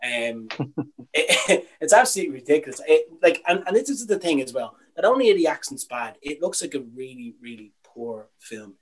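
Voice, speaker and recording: A man's voice: a little high, sing-song, moderate pace, husky, rough recording. A young Irish man co-hosting a casual podcast, opinionated and ranting, with some swearing. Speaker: podcast co-host.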